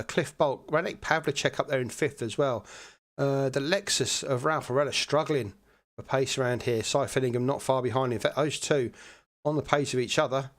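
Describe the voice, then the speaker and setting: Male sim racing commentator, conversational live play-by-play, mid-range voice. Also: mid-range voice. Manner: chatty, relaxed, many fillers.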